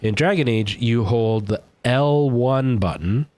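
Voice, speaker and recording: A man's voice: mid-range voice, unhurried, darkish tone, dry recording. A man streaming a game live, rambling and thinking aloud as he plays, often poking fun at himself. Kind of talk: live gameplay commentary.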